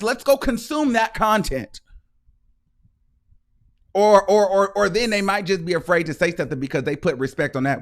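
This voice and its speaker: A man's voice: sits high, a bit bright. A man hosting a livestream show, ranting heatedly with sarcasm, repetition and frequent swearing. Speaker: host.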